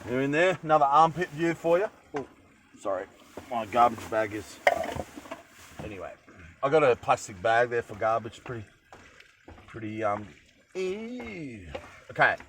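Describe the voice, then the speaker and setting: A man's voice: medium pitch, moderate pace, pauses often, fairly bright tone, a little hiss or hum, rough recording. A young Australian man chatting casually while cooking in a van, rambling with jokey asides. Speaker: cooking vlogger. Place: van kitchen.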